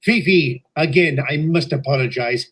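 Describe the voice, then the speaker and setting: A man's voice: a little high, fairly bright tone, husky. A man putting on a courteous foreign ambassador. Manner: formal, courteous and unhurried. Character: polite, refined older male foreign ambassador.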